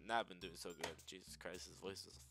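Gravelly, mumbling male gamer. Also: deep voice, level tone, a little fast, over music. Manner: mumbly, sarcastic, swears. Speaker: gamer, video creator. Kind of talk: casual let's-play commentary.

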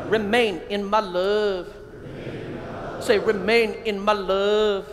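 A middle-aged priest giving a lively keynote talk to a crowd of men, calling out phrases for them to repeat. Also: male voice, sits high. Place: large hall. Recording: long hall reverb, faint ambient noise.

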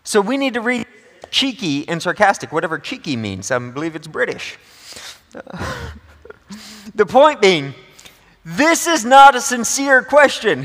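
A man's voice: high-pitched, very animated, measured pace, fairly bright tone. A male pastor preaching a sermon in a conversational, joking way, with a long church reverb. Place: church sanctuary.

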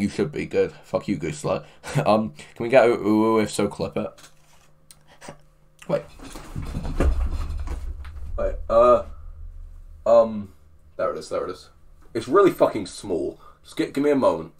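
A man's voice: fairly low pitch, animated, measured pace, pauses often. Crude, joking man on stream. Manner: crude, joking, laughs often. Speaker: livestream host. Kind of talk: casual stream chat, reading chat aloud. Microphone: headphones with mic.

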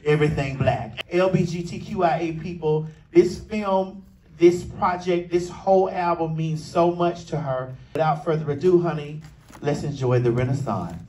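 A man's voice: on the high side, moderate pace, darkish tone. A man addressing a screening audience, playful and exaggerated, heard from a distance. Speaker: event speaker introducing a film. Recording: distant mic in a noisy venue.

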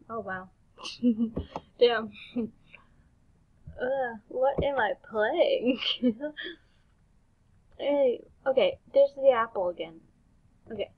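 Woman gamer, higher voice, slow bewildered reactions, dull lo-fi recording. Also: breathy edge. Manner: bewildered, exclaiming, laughing between lines. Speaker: gaming YouTuber. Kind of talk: reading game text aloud with reactions.

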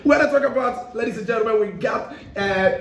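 A man's voice: very high-pitched, brisk, slight background noise. A male radio host with a Nigerian Pidgin English accent, running a hyped, laugh-filled studio interview in Pidgin slang. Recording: echoey studio mic from a distance.

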